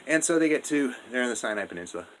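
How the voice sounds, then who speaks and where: A man's voice: medium pitch, animated, racing, fairly bright tone, a little hiss or hum, natural voice, rough recording. Sex: man. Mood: rambling. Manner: rambling, slangy, full of fillers and swearing. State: drunk. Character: drunk rambling male Jesus, laid-back slacker. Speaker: narrator. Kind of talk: comedic monologue retelling a story.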